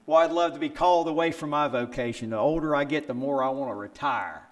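An older man preaching a sermon, telling stories with rhetorical questions and acting out quotes with sudden jumps in pitch. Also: fast. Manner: animated storytelling with rhetorical questions. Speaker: pastor.

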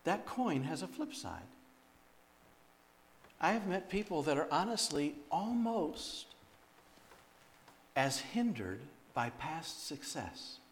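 A man's voice: fairly high pitch, very animated, takes it slowly, long pauses, a little hiss or hum. A man who sings and speaks at church events, telling stories in a sermon and delivering them reflectively. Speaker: guest speaker and singer. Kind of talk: sermon storytelling.

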